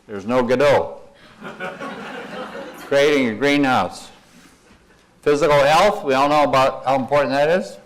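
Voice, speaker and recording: In a conference room, an older man speaks to the audience in a folksy, wandering, self-deprecating style, chuckling at his own asides. His pitch is ordinary and mid-range, he eases into a gentle guided imagery exercise, and the recording is rough.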